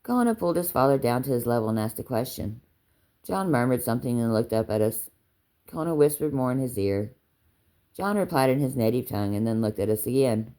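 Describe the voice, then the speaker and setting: Southern woman, low voice, reads chapters aloud, unhurried. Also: dark tone. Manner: unhurried storytelling, lifts her voice for dialogue. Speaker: audiobook reader. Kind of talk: reading a book aloud.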